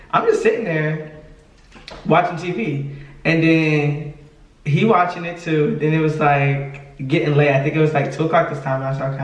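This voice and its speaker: A man telling a story in casual chat, acting out the other people's lines and laughing often. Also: on the high side. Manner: animated, acts out quoted dialogue, laughs often. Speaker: podcast co-host telling a story. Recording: echoey room from a distance.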